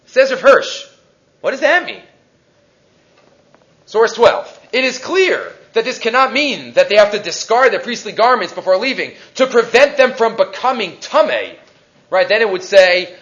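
Male Torah teacher, high and animated, keeps asking the class questions. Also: moderate pace, lo-fi sound. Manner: animated, rhetorical questions, Hebrew terms.

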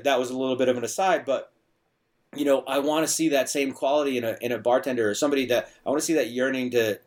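A middle-aged man chatting on a podcast, voice sitting at an ordinary middle pitch. He tells stories in a loose, rambling way, circling back over his words as he goes. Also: a little mellow. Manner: chatty, storytelling, frequent restarts and filler. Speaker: bar owner and bartender guest. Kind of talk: casual podcast conversation.

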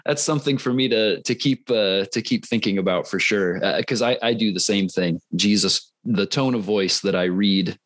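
A man hosting a podcast, asking earnest, curious questions in a halting conversational way. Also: lowish voice, no echo. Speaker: podcast host.

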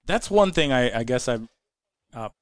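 A man's voice: mid-range voice, animated, normal speed, no room sound, clean studio sound. Laid-back, laughing man on a podcast. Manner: laid-back, swears freely, laughs often. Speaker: podcast co-host. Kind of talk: casual podcast banter.

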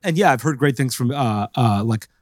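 A man's voice: mid-range voice, animated, a little fast, a little mellow, no room sound. Male podcast co-host, casual, rambling delivery, dry close mic. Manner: rambling, full of fillers and restarts. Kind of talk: casual chat.

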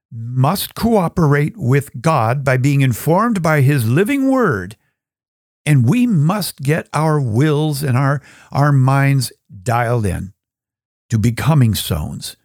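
A man hosting a show, teaching scripture with animated storytelling and acting out little scenes. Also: medium pitch, slow, dry recording, studio quality. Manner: animated storytelling, acts out voices. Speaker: host and Bible teacher.

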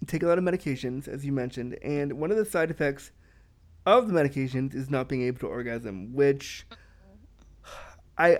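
Chatty man hosting, slightly high. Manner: chatty, animated, frequent fillers and restarts. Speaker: podcast host. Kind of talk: casual chat.

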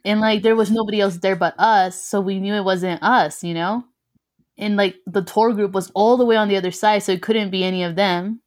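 A woman's voice: medium pitch, fairly even intonation, fairly quick, darkish tone. Young woman telling a story. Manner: mixes English and Spanish, swears freely, laughs often. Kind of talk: casual chat.

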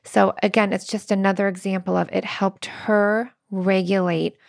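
A woman's voice: mid-range voice, level tone, normal speed, creaky, no echo, studio quality. A woman in her thirties co-hosting a relationship podcast, telling stories in an earnest way with quoted dialogue. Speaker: podcast co-host. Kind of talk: casual relationship talk.

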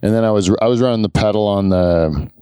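A man hosting a podcast, telling a long story in a rambling, halting way, with plenty of restarts and fillers. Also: lowish voice, dark tone, smooth, dry recording, clean studio sound. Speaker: podcast host. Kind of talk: casual storytelling chat.

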